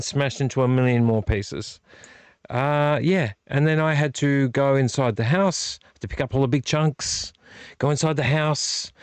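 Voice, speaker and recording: A man's voice: medium pitch, darkish tone, smooth, dry recording. A frustrated, weary man, hosting a casual late-night vlog and rambling in a self-deprecating way with frequent restarts. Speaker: vlog host. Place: home movie collection room.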